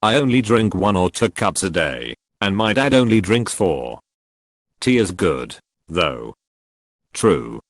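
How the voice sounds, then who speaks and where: Lively low-voiced male narrator. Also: slow pace, no echo. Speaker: narrator of forum posts. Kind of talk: scripted narration of online posts.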